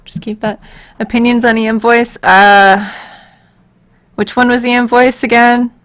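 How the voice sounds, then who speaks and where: A woman's voice: a little high, flat delivery, unhurried, a bit bright. A woman on a casual live stream who mutters to herself while she works and answers chat questions. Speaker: voicebank creator streaming.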